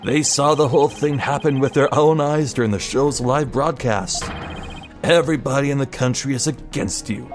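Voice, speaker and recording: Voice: mid-range voice, moderate pace, faint music behind, close to an everyday voice. A voice actor playing a smug, gloating man who taunts in a mocking drawl, in an amateur video game voice-over.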